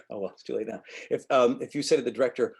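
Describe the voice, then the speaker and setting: Man, acting teacher, husky voice, blunt and profane, animated webinar lecture. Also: mid-range voice. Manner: blunt, profane, animated, acts out quick quotes.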